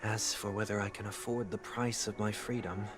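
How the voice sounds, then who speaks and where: An actor voicing a formal, proud young man seeking atonement, speaking in a measured, orderly way, with music behind. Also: on the low side, level tone, lightly acted. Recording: game audio with loud music behind.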